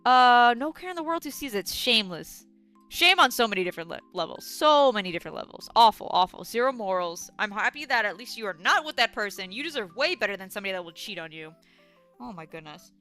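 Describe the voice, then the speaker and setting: A young adult woman from New York City rants to her chat on a casual livestream, swearing constantly and responding to viewers with outrage. Her voice is on the high side, bright and forceful, very animated and fast, with faint music in the background.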